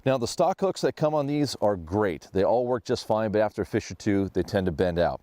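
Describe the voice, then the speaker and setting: A man hosting a fishing show, giving a steady, explanatory walkthrough of his fishing gear. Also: lowish voice, dry recording.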